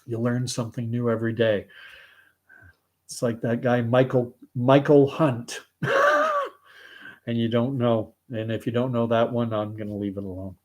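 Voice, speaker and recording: A middle-aged Canadian man with a Canadian accent, chatting casually on his vlog and reading viewer comments, halting and rambling with many restarts. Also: mid-range voice, flat delivery, a little mellow. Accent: Canadian English.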